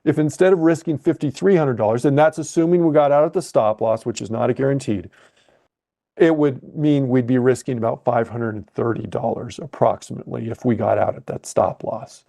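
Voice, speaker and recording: A man coaching a live webcast lesson, thinking aloud and correcting himself as he clicks through trading software. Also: medium pitch, brisk, creaky.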